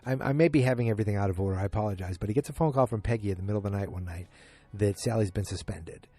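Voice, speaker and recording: Rambling low-voiced man recapping a show. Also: rapid-fire, mellow. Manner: rambling, self-correcting, acts out quotes loosely. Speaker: podcast host. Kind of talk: casual solo episode recap.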